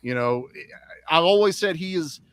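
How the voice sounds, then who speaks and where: A man co-hosting a casual film chat, animated and acting out quotes in funny voices. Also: fairly high pitch, moderate pace, smooth, dry recording. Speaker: podcast co-host.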